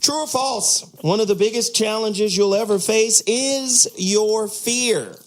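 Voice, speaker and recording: A man's voice: high voice, slow pace. A man hosting a casual talk radio show, emphatic and playful, with frequent swearing.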